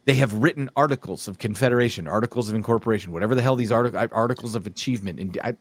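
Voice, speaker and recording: A man's voice: lowish voice, rapid-fire, no room sound. A male podcast host talking bluntly in casual, opinionated chat and telling stories as he goes. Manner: blunt, storytelling, laughs often.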